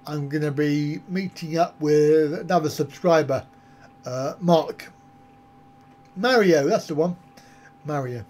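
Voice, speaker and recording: A man's voice: fairly high pitch, darkish tone. A man hosting a travel vlog live stream, chatting with viewers in a jokey, rambling, easygoing way.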